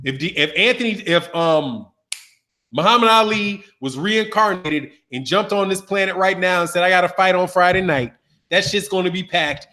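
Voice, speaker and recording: A man hosting a boxing commentary channel, talking in an animated, emphatic and slangy way. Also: high-pitched. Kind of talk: casual commentary.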